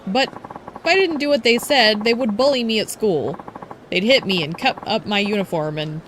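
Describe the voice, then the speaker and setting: A woman's voice: medium pitch, normal speed, fairly bright tone, close to an everyday voice. Woman reading as a meek bullied schoolgirl. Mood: pleading. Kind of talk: reading game subtitles aloud. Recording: noisy home stream.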